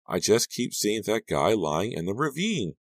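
A man's voice: lowish voice, very animated, measured pace, dry recording, pitched above the performer's own voice. A man voicing a distraught teenage girl who keeps crying and wails her fears in a shaky, pleading way. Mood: wailing.

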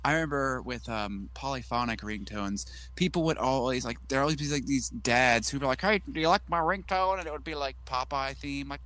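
A man's voice: medium pitch, brisk, hardly any pauses, a bit bright. A young man co-hosting a casual podcast, rambling through stories with self-deprecating asides. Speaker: podcast co-host. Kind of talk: casual chat.

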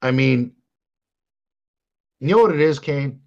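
Older man, profane exasperated rant, lively pitch, slow drawn-out delivery, casual podcast. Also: dull audio. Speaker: podcast co-host.

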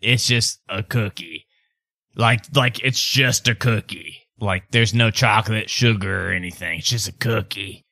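A man voicing a sheepish, bumbling older husband in a tabletop game, slow and rambling. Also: on the low side, pushed and bright, no room sound, heavily acted. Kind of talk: tabletop role-play voicing.

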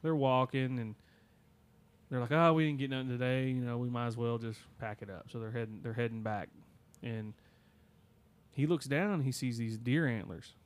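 A man's voice: medium pitch, fairly even intonation, moderate pace, a little hiss or hum. A man co-hosting a podcast, casually telling a listener's spooky story with many fillers and restarts. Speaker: podcast co-host.

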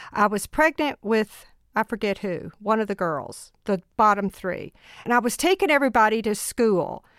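A woman in her sixties, a mother of ten, telling family stories in an earnest, animated way with laughs along the way. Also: medium pitch, smooth, no room sound, clean studio sound. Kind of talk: personal storytelling in an interview.

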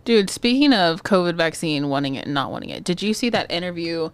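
A woman's voice: fairly low pitch, lively intonation, fairly quick, clear, resonant tone, no room sound. A woman co-hosting a podcast in casual chat, telling stories and mimicking people in drawled quotes, with some swearing. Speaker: podcast co-host.

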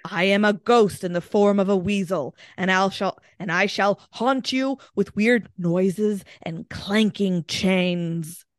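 A woman's voice: mid-range voice, slow, few pauses, no echo, clean studio sound, lightly acted. A woman voicing a boastful, threatening male talking mongoose spirit, reading his words dramatically. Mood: menacing. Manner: dramatic quoted read-out, rising to a shout.

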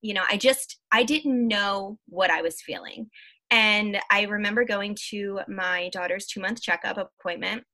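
A woman's voice: mid-range voice, measured pace, sharp tone. A woman in her thirties, a podcast guest, telling her personal story candidly, with many fillers and acted-out quotes.

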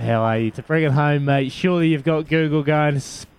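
A man hosting a live radio quiz, brisk and jokey with callers. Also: a little high, a little mellow, clear, resonant tone. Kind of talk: upbeat live radio banter. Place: radio studio.

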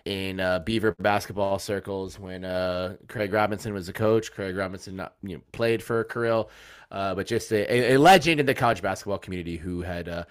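A man hosting a casual sports podcast, telling animated stories that swing between loud outbursts and low asides, and swearing casually. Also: a little fast, smooth. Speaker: podcast host.

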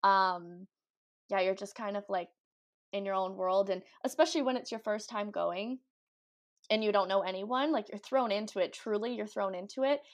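A young woman chatting casually as a guest, upbeat and talkative. Her speech is full of "like" and little fillers, and her pitch sits in an ordinary middle range. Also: normal speed. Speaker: guest, cruise ship ice skater. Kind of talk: casual interview chat.

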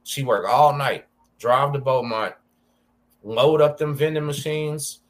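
A man's voice: mid-range voice, slow. A man with a Texan accent hosting a podcast, talking casually in laid-back street slang. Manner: laid-back street slang, calls listener dog and bro. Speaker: podcast host. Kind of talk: casual conversation about prison life.

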